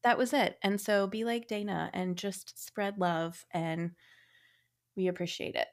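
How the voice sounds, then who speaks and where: An American woman hosting a true-crime podcast in a relaxed, chatty way. Her voice sits in a middle register, and she keeps a friendly, upbeat storytelling flow. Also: medium pitch, measured pace. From United States. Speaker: podcast co-host.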